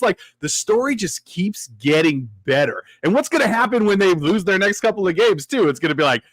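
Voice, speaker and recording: Lively male fan-host, high voice that leaps around, dry close sound. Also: moderate pace, dry recording. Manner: excitable, gleeful. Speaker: podcast co-host. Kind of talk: casual sports talk.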